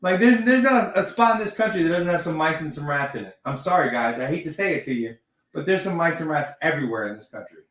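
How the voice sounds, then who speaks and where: A man's voice: fairly high pitch, lively intonation, quick pace, a bit bright, distant mic. A man hosting a casual wrestling podcast, telling rambling, profane stories about his week. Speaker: podcast host. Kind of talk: casual chat. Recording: roomy, from off the mic.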